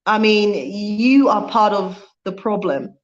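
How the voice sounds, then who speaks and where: A woman's voice: mid-range voice, steady tone, takes it slowly, muffled recording. A woman vlogger talking fervently on a livestream, repeating her points for emphasis and reading out viewer comments. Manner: reads viewer comments aloud. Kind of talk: impassioned livestream talk.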